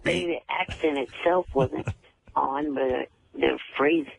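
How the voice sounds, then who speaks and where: A man calling in to a radio talk show, speaking haltingly with restarts and repeated words over a telephone line. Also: mid-range voice, gravelly, breathy edge. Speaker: caller. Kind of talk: phone-in radio chat. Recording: tinny phone line.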